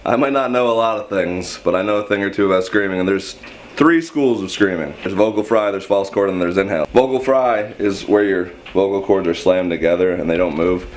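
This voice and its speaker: A man's voice: deep voice, a little fast. A young man casually explaining vocal technique in a rambling, self-deprecating way, often restarting his sentences. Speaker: screaming vocal instructor.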